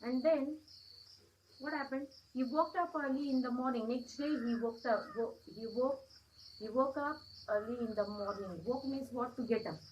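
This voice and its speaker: Indian woman teacher, slightly high voice. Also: moderate pace, darkish tone, highs cut off, slight background noise. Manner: repetitive, checks understanding with questions. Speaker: schoolteacher. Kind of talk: English lesson story reading.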